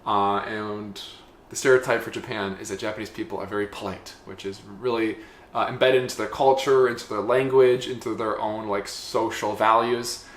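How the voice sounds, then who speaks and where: A man's voice: fairly low pitch, fairly even intonation, moderate pace, slight background noise. A man co-hosting a travel podcast in a casual, rambling way, full of "like" fillers. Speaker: podcast co-host. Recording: echoey room, faint ambience.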